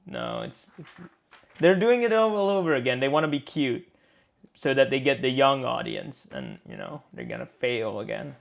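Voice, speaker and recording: A man's voice: mid-range voice, wildly swooping pitch, moderate pace, vocal fry. A man co-hosting a live game design stream, chatting in a rambling, playful way and searching for words aloud. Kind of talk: casual chat.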